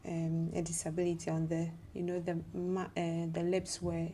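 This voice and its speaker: A woman's voice: on the low side, completely flat delivery, normal speed, mellow, a little hiss or hum. A woman from Ghana, a mother, chatting in a group discussion and often voicing agreement. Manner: affirming, frequent agreement.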